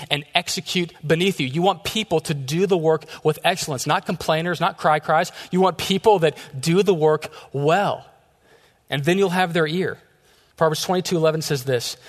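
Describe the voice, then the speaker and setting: A man preaching a sermon, telling stories with lively quoted back-and-forth. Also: a little high. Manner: storytelling with quoted dialogue. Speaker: pastor. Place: church sanctuary. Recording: long hall reverb.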